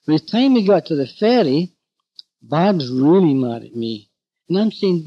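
A man lectures to a room of therapists in an animated, anecdotal way, slipping into little bits of dialogue as he goes. His voice sits fairly high but sounds dark and mellow. It comes through dry and somewhat dull, like a lo-fi recording. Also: unhurried, no room sound. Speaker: speaker addressing therapists. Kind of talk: storytelling lecture.

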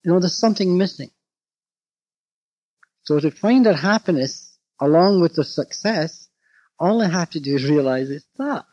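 Man telling lively anecdotes. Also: on the high side, no room sound. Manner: animated, anecdotal, acts out dialogue. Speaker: speaker addressing therapists. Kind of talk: storytelling lecture. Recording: dull lo-fi recording.

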